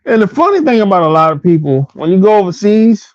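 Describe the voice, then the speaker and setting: A man rants in a casual, profane, repetitive way, his fairly high voice swooping across an extremely wide range. The recording sounds dull and lo-fi, dry with no room echo. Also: sing-song, fast talker, darkish tone. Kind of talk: casual rant.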